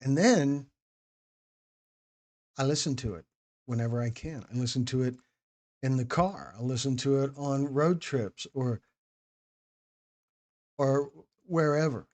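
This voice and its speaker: A man hosts a live stream after a documentary premiere and speaks casually to his viewers. He addresses people in the chat by name, repeats himself and restarts phrases as he talks. His voice sits at an ordinary middle pitch. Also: a little slow, long pauses, darkish tone.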